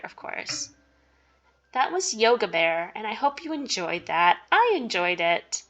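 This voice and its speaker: A woman's voice: fairly high pitch, a bit bright. A woman reading a visual novel game aloud, with joking asides and giggles between the narrated lines. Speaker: game streamer.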